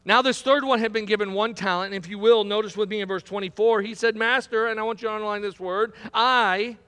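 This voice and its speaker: Man, pastor, high voice, sermon, emphatic build-ups, long hall reverb. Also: fairly even intonation, quick pace, fairly bright tone, clean tone. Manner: preaching with rising emphatic build-ups and repetition. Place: church sanctuary.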